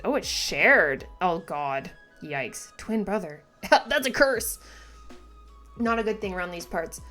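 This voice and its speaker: Hyped woman reacting to manga, swears a lot, mid pitch, gushy. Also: a little slow, faint music behind. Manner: excitable, swears, gushes and reads along. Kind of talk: reaction vlog.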